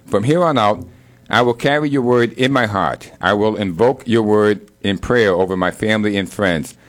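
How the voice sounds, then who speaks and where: A man with a low voice leads an earnest, steady prayer. He speaks as a co-host of a talk show. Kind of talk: spoken prayer, then casual chat.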